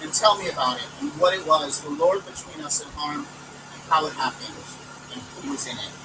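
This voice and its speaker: A man reading aloud outdoors, voicing a frightened widow mother who pleads and laments slowly, recorded from a distance with traffic behind. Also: low voice, lively intonation. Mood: mournful.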